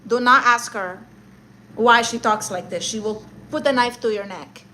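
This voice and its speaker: A woman's voice: on the high side, moderate pace, bright, forceful tone, a little hiss or hum, rough recording. A woman live streaming, reading viewer messages and roasting them in a sassy, mock-arrogant way, dropping Spanish words.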